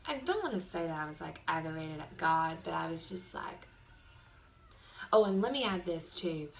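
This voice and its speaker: A woman's voice: fairly low pitch, vocal fry, a little hiss or hum. A young woman vlogging from her bedroom, chatting casually to the camera with lots of fillers. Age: young adult. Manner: chatty, rambling, with many fillers.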